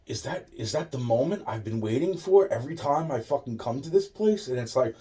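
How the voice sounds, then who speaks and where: A man's voice: medium pitch, expressive, brisk, dark tone. A man telling a rambling personal story. He swears constantly, loses his thread and trails off into repeated fillers.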